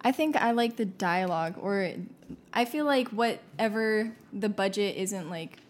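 A woman's voice: mid-range voice, a little slow, slight background noise. Agreeable woman chiming into a chat. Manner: agreeable, hesitant, many fillers. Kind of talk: casual group chat.

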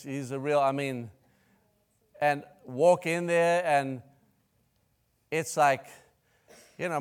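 A man's voice: mid-range voice, clear, resonant tone. A man preaching a sermon in a rambling, self-interrupting way, breaking into outbursts of praise. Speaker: pastor.

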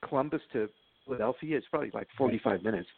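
A man's voice: medium pitch, rapid-fire, vocal fry, slightly rough, no echo. A man telling stories as a guest in an interview, chatty and laughing at his own stories, with lots of fillers. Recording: phone line.

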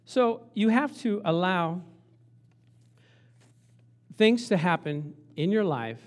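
A man's voice: high voice, lively intonation, slow pace. A man preaching a sermon, acting out Bible scenes and laughing often as he talks. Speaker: pastor.

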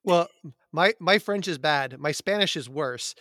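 A man's voice: on the high side, animated, moderate pace, bright, forceful tone, dry recording, clean studio sound. A middle-aged man hosting a casual chat, talkative with frequent fillers and laughs. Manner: chatty, laughs often, many fillers. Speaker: podcast host, teacher.

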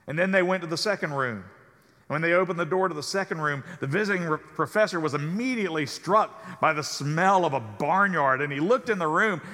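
Bright-voiced male pastor preaching a sermon. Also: fairly high pitch, big-room sound. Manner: measured preaching cadence, drops soft at phrase ends.

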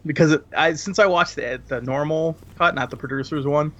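A man's voice: on the high side, a little fast, a bit bright. Laughing, rambling man on a lo-fi recording. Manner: laughing, rambling, crude humor. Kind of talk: casual film chat.

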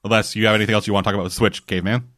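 Podcast co-host, male, rapid rambling delivery, dry close sound, swears casually. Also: on the low side, flat delivery, fairly bright tone, dry recording. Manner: rambling, swears freely, many restarts and fillers. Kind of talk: casual gaming chat.

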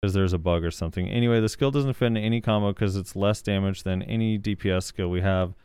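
Man, podcast co-host, low voice, smooth, dry close sound, casual hesitant chat. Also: fast, a little mellow, no room sound. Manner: casual, hesitant, many fillers. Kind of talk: casual chat, reading viewer comments.

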